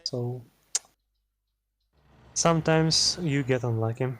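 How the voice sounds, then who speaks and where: A man's voice: mid-range voice, takes it slowly, fairly bright tone. A man with a German accent giving casual, chatty commentary on a video game race, explaining strategy with self-deprecating jokes. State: tired.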